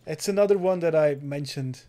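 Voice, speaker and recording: A man's voice: fairly high pitch, a little fast, dark tone. A man co-hosting a gaming podcast, recommending games in an earnest, enthusiastic way. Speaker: podcast co-host. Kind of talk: casual chat.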